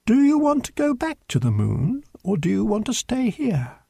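A man voicing a gentle kind queen. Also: sits high, wildly swooping pitch, normal speed, gravelly, slightly rough, dry recording, studio quality, pitched above the performer's own voice, exaggerated voice. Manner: softly coaxing, patient.

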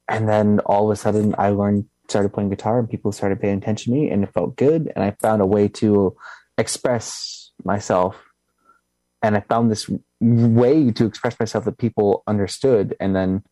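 Soft-spoken young man with a slight lisp. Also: lowish voice, creaky, dry recording. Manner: halting, with restarts and a slight lisp. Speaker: musician guest. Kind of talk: casual interview answers.

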